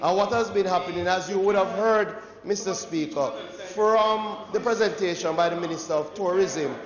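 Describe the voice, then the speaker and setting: A man's voice: high-pitched, moderate pace. A Jamaican man, a member of parliament, raising a point of order in an insistent, combative way. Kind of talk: parliamentary objection. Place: large parliament chamber. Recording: dull echoey chamber audio with crowd murmur.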